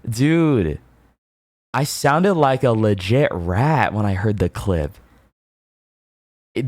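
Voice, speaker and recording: A deep-voiced man chatting on his stream in a loose, playful way. He laughs a lot, jumps between quick asides to his viewers, and teases them. The sound is dry and close. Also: a little mellow, no room sound. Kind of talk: casual chat with chat.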